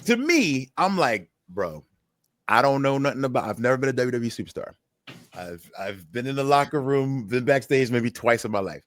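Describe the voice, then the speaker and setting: Dry, studio-quality audio captures a mid-range male voice at a moderate pace. As a podcast co-host, he's an animated storyteller in casual chat, voicing the characters he quotes.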